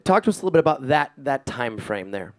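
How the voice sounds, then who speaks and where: A man's voice: mid-range voice, very animated, fast talker. A man hosting a casual interview, giving short encouraging replies and rambling through his questions. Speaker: interview host.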